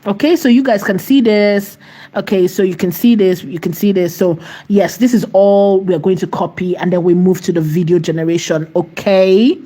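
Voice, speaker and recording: A woman hosting a screen-share tutorial, chatty and emphatic, often repeating phrases and checking in with "right?", slowing down to dictate as she types. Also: mid-range voice, fairly even intonation, mellow. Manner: slows to dictate while typing. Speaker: AI tutorial host.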